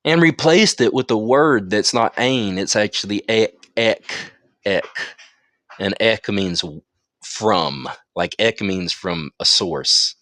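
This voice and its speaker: A man's voice: fairly low pitch, animated, slow pace, fairly bright tone, no echo, clean studio sound. A man leading a Bible study, reading passages aloud and breaking off into emphatic asides to his listeners. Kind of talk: teaching with read-aloud passages. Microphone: phone in an audio chat room.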